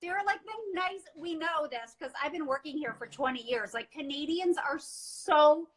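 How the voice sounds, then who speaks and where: A woman's voice: sits high, moderate pace, background noise. A woman hosting a casual live chat from indoors on a phone, bubbly and chatty, laughing often. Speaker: livestream host. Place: indoors at her quarantine lodging.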